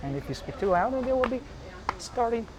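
A man, a father, walking outdoors with his child and talking casually, halting and repeating his words. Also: very high voice, sing-song, low-quality recording. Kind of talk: casual walk-and-talk. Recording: loud background noise.

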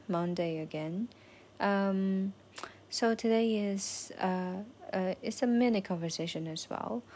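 A woman whose first language is Chinese keeps a casual spoken learning diary, pausing often with fillers and repeating phrases to practise them. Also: mid-range voice, a little mellow, a little hiss or hum.

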